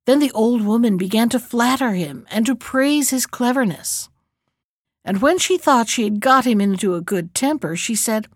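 A woman reading a fairy tale aloud as storyteller, calm and measured. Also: a little high, dry recording, studio quality.

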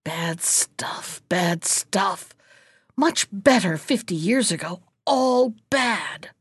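Storybook: sly spiteful old hag, croaky and muttering, a woman voicing her. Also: a little high, sing-song, measured pace, no room sound, clean studio sound. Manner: muttering, mocking.

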